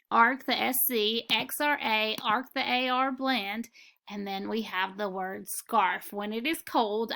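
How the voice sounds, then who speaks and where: A woman teaching a phonics lesson, speaking slowly and deliberately as she walks through spelling rules. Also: on the high side, gravelly, sharp tone. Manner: slow, deliberate and instructive.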